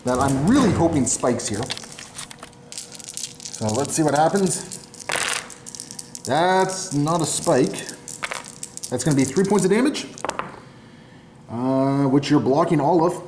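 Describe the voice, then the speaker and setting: A man's voice: on the high side, expressive, takes it slowly, pauses often. Joking man narrating a tabletop game. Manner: self-deprecating, joking, narrates his moves aloud. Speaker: tabletop game player and channel host. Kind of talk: casual battle report commentary. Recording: echoey room with faint noise.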